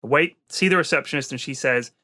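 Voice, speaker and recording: Fast, bright-voiced British man. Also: mid-range voice. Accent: British English. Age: adult parent. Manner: animated, exasperated storytelling with swearing. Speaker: podcast co-host. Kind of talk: storytelling on a comedy podcast.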